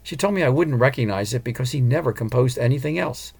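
A man's voice: mid-range voice, lively intonation, fast, creaky, a little mellow, slightly rough. A man voicing an earnest, determined woman opera singer and mother in an audiobook. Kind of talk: audiobook character voice.

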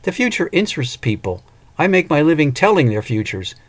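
Man voicing a fortune-teller woman, playful, flirty, lively lilt, raised pitch. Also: brisk. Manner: teasing, warm, playful.

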